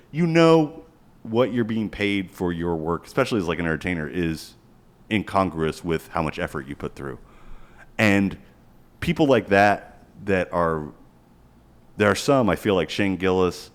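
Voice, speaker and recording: A man in his forties, a podcast co-host, ranting profanely in casual chat and slipping into quoted voices. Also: low voice. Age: 40s.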